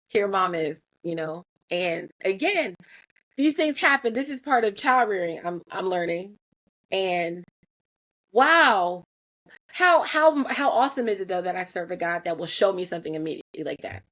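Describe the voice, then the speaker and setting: A woman, a mother in her thirties, speaking candidly and earnestly about parenting, owning up to her own faults with frequent restarts. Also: mid-range voice. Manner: earnest, self-critical, animated with restarts. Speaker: mother sharing parenting reflections. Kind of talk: candid personal talk.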